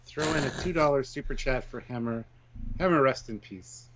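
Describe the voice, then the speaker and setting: A man's voice: medium pitch, moderate pace, a bit bright, a little hiss or hum. A man co-hosting a live review stream, reading out donations in an upbeat way and explaining points. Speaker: co-host reading super chats. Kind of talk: casual live-stream discussion. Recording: slightly dull lo-fi audio.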